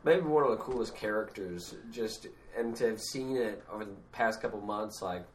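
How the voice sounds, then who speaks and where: A speaker in casual chat, enthusiastic and animated. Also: medium pitch, moderate pace, slight background noise.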